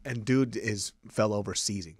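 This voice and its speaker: A man co-hosting a podcast, telling stories in a lively way, acting out quotes and swearing often. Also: lowish voice, breathy edge, dry recording. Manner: animated storyteller acting out quotes, heavy swearing. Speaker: podcast co-host. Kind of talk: casual chat.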